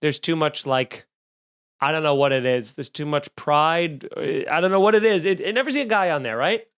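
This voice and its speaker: A man's voice: on the high side, normal speed, a bit bright, clean tone. A young man hosting his own comedy podcast alone, ranting in a sarcastic, rambling, self-deprecating way. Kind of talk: solo comedic rant. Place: home studio, drinking while recording.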